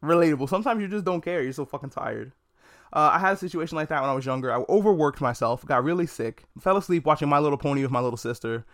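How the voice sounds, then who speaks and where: A man's voice: on the high side, a bit bright. A man hosting a casual anime review podcast alone. He talks frankly and jokes, with a lot of swearing. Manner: frank, profane, joking. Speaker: podcast host. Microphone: podcast mic.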